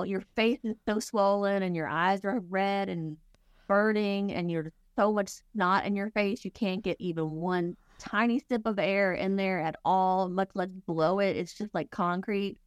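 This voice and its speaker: A woman's voice: medium pitch, smooth, no echo, clean studio sound. A middle-aged woman, a grief counselor, speaking candidly and earnestly in a conversational interview, acting out her own past thoughts as she talks.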